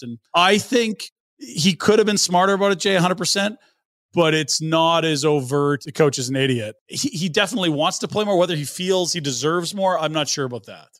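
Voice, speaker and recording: A man's voice: on the high side, fairly quick, fairly bright tone, dry recording, studio quality. A man hosting a casual sports podcast, laying out stats and context in an analytical way. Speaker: podcast host.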